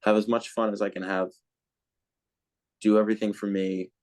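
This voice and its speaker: Deep-voiced man rambling on a podcast. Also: level tone, normal speed, darkish tone. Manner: rambling, with many fillers and restarts. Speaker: podcast co-host being interviewed. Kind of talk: casual podcast chat.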